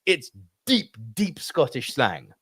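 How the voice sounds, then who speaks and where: A man's voice: on the high side, wildly swooping pitch, slow pace, fairly bright tone, breathy edge, no room sound, studio quality. Emphatic swearing man on a podcast. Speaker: podcast co-host. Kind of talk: casual film discussion.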